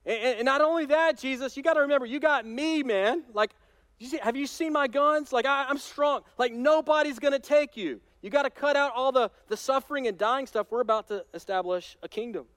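A man's voice: very high-pitched, a little fast, a bit bright, dry recording, pitched above the performer's own voice. A man preacher acting out a brash, boastful male disciple who brags and pushes his point. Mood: insistent. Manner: cocky, bragging, pushy.

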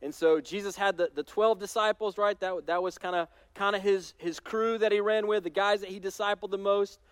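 A man pastor preaching a sermon in a conversational, animated storytelling way with touches of humor. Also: sits high, brisk, smooth, no room sound.

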